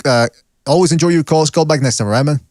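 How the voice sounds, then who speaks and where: A man's voice: fairly high pitch, quick pace, darkish tone, no echo, studio quality. A man hosting a podcast in loose, joking casual chat, swearing freely and tacking "man" onto his sentences. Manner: joking, swears often, says "man" a lot. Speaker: podcast host.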